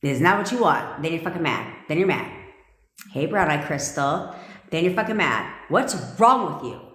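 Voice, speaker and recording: A woman's voice: deep voice, animated, moderate pace, a bit bright. A woman manifestation coach on a live stream, talking bluntly and intensely with lots of swearing, repeating her points and answering viewer comments. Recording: echoey room with long reverb.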